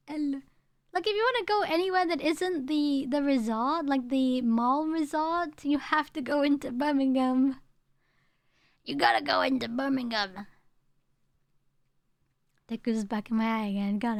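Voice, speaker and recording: A high-voiced woman streamer from the UK talks casually with her live chat. She rambles and repeats lines, with her home accent toned down. The close mic sounds dry, with no room echo. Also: measured pace, pauses often. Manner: chatty, rambling, repeats herself. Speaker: VTuber streamer.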